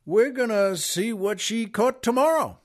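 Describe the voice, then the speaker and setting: A man's voice: high-pitched, expressive, a little slow, pitched above the performer's own voice. Grim state trooper in a spoken joke, plain and matter-of-fact, as a male host puts him on. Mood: deadpan.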